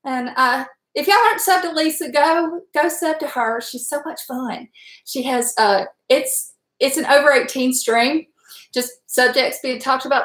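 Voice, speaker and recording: A middle-aged woman, chatting casually on a live stream, emotional and quick to laugh as she reads comments. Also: sits high, fairly bright tone, roomy sound.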